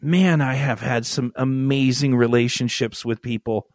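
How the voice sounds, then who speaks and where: A man's voice: mid-range voice, steady tone, measured pace, no room sound, clean studio sound. Profane, rambling male podcast co-host. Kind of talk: casual crude podcast banter.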